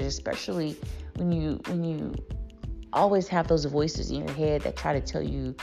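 A woman's voice: sits low, steady tone, moderate pace, gravelly, over music. A woman host reciting a list of bold self-affirmations, then encouraging listeners in casual, emphatic talk.

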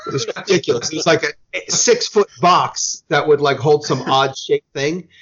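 Here an American man hosting a podcast rambles through a long story, self-correcting and dropping casual curses. He sounds a little high, a bit bright and slightly rough, expressive at a moderate pace, captured in dull lo-fi audio.

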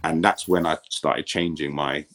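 Deep-voiced man telling football stories. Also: unhurried. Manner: relaxed storytelling, repeats words as he restarts. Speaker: guest, former professional footballer. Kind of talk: casual podcast chat.

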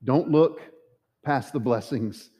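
A man preaching a sermon, emphatic, with dramatic pauses. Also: medium pitch, mellow, husky. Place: church sanctuary. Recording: long church reverb.

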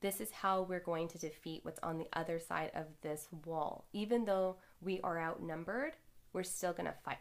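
A woman's voice: lowish voice, moderate pace. Candid woman telling a personal story. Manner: candid, animated, swears casually.

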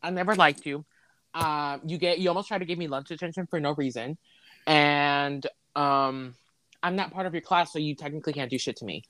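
A man's voice: brisk, bright, forceful tone, dry recording. A young man co-hosting a podcast, talking in sassy, dramatic casual chat. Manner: sassy, dramatic, swings pitch widely. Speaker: podcast co-host.

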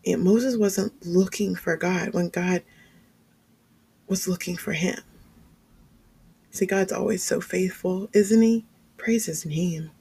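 A woman giving a sermon-style testimony, telling her story in a lively way with frequent laughs and fillers. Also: on the low side, slow pace, gravelly, pauses often, husky. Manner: animated storytelling, laughs often, many fillers. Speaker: speaker sharing testimony.

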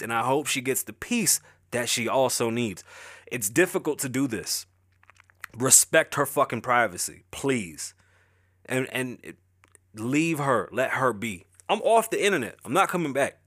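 A middle-aged man with a bright, forceful voice talks into a close, dry mic. He rambles candidly and emotionally, swearing freely as he opens up. His pitch sits in the middle of the male range. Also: dry recording. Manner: emotional, profane, rambling, confessional. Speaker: podcast host. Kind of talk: candid personal talk.

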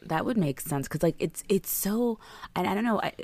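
A woman's voice: mid-range voice, lively intonation, normal speed, darkish tone, dry recording. A woman co-hosting a podcast in casual chat, recapping a TV show, chatty with lots of fillers. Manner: chatty, filler-heavy, laughs at herself. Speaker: podcast co-host.

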